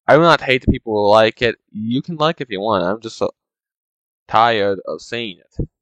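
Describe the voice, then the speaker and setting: Low-voiced man ranting, exasperated. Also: expressive, normal speed, fairly bright tone, no echo, rough recording. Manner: exasperated, rambling complaints. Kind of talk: casual ranting monologue.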